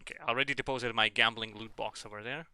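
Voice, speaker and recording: A man's voice: medium pitch, steady tone, very fast, bright, forceful tone, smooth, dry recording. A man streaming a game and chatting casually in a rambling, sweary, joking way. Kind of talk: casual chat while gaming.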